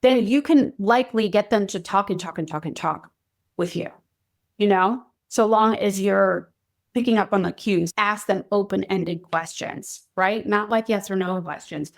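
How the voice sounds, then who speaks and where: A woman's voice: mid-range voice, normal speed. A woman hosting a podcast, talking earnestly to parents in a coaching tone and often checking in with "right?" or "okay?". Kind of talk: solo podcast talk.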